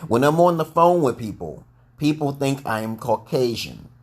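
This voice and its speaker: A man's voice: mid-range voice, very animated, normal speed, breathy edge. A man with a New York accent hosting a rambling live monologue for his online group, tagging "okay?" onto his points and restarting sentences often. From Brooklyn, New York, USA.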